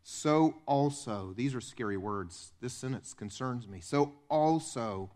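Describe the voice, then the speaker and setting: A man preaching a sermon as pastor in a church, animated and conversational, acting out the voices of the people in his stories. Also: slow pace. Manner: animated, acts out quoted voices with big pitch swings.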